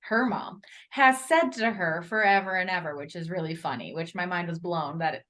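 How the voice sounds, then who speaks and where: A woman co-hosting a podcast in casual chat with her best friend, animated and quick to laugh. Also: lowish voice. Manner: animated, laughs often, reflective asides. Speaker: podcast co-host.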